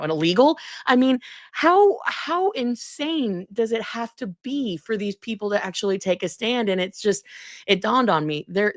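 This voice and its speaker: A woman's voice: on the low side, dry recording, studio quality. A woman guest on a talk show, a congresswoman, talking emphatically and indignantly with many restarts. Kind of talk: political interview.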